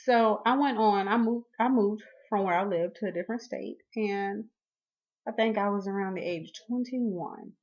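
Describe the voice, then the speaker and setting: A woman in her twenties telling a personal story to her viewers, animated and acting out what she and others said. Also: mid-range voice, normal speed, lo-fi sound. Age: 20s. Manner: animated, acts out her own and others' quoted lines. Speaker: vlogger.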